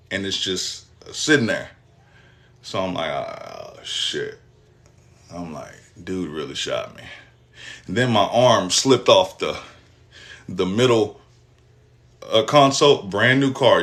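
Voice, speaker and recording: A young man, telling a personal story in casual, profane, animated style. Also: fairly low pitch. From Texas, US. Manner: animated, profane storytelling with acted-out quotes and laughs.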